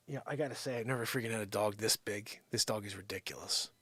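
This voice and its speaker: A man hosting his own daily live stream from home, rambling and joking, jumping from loud bits to whispered asides. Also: on the low side, fast talker, hardly any pauses, husky. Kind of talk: unscripted comedic live-stream chat.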